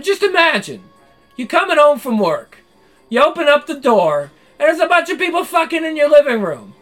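A man ranting in a profane comedic commentary, mocking and shouting as he goes. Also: very high-pitched, very animated, moderate pace, faint music behind. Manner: loud, mocking, swearing constantly; shouts in bursts. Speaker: commentator reacting to a narrated clip.

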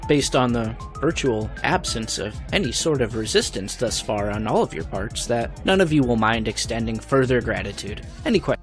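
A man's voice: mid-range voice, expressive, moderate pace, hardly any pauses, natural voice. An actor playing a smug, sanctimonious male cartoon mayor who makes pompous speeches. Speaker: town mayor. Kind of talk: animated cartoon acting. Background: music.

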